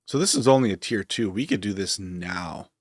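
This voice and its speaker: A man's voice: low-pitched, normal speed, dry recording, clean studio sound. A man streaming a game, talking casually and rambling as he thinks aloud with lots of fillers. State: hiccups. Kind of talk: casual gameplay commentary.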